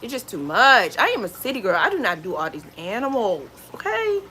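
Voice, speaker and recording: A woman vlogger chatting casually at home, retelling stories in an animated, exclaiming way. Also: medium pitch, a little fast, slight background noise. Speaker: lifestyle vlogger. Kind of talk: casual storytelling chat.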